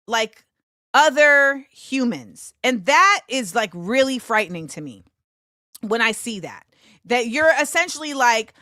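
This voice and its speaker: A woman in her forties hosts a solo commentary show, talking slowly and emphatically and often pausing on fillers. Her voice is bright and sits a little high. The sound is dry and close. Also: very animated, no room sound. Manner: conversational and emphatic, with frequent fillers and laughter. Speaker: host.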